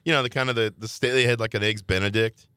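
A man's voice: fairly low pitch, fairly even intonation, fast, sharp tone, clean tone, dry recording, studio quality. A man co-hosting a podcast, telling a rambling anecdote in casual chat and laughing often. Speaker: podcast co-host.

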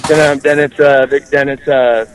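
A man's voice: mid-range voice, flat delivery, moderate pace, a little hiss or hum, rough recording. A man hosting a comedic call-in talk show, brash and joking, swearing freely and rambling. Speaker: host.

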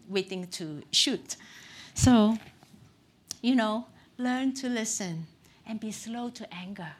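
A middle-aged woman pastor giving a conversational sermon, candid and self-deprecating, with frequent "um" and "you know.". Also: medium pitch.

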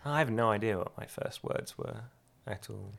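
A man's voice: fairly low pitch, normal speed, gravelly, fairly bright tone. Young man, casual podcast chat, laughs often, swears. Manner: laughing, loose, swears freely. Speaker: podcast co-host.

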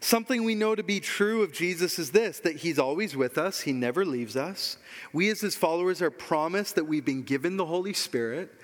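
A man with a high, fairly bright voice preaches as pastor in a large hall. He is earnest and emphatic, repeating key phrases to give them weight.

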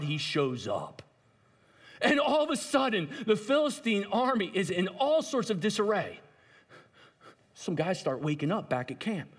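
A male preacher telling a story with animated delivery and asides to young listeners. His voice is somewhat husky and sits a touch high for a man, swinging widely in pitch. A long hall reverb surrounds him. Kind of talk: sermon.

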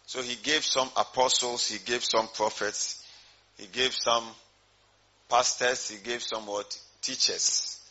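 A man's voice: medium pitch, steady tone, takes it slowly, pushed and bright, dull audio. A man preaching a sermon as pastor, repeating his points and putting questions to the congregation.

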